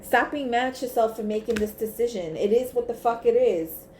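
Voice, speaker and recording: A woman's voice: on the high side, a little fast, a little mellow, a little hiss or hum. Blunt, cussing woman tarot reader. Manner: blunt, emphatic, swears freely. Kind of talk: casual tarot reading to camera. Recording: echoey room with faint ambience.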